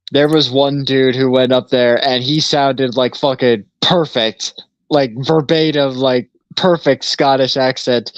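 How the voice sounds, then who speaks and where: A man's voice: mid-range voice, smooth, dry recording. Laid-back man telling a story, lo-fi. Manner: laid-back storyteller, swears freely, laughs often. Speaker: podcast co-host. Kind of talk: casual chat. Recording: slightly dull lo-fi sound.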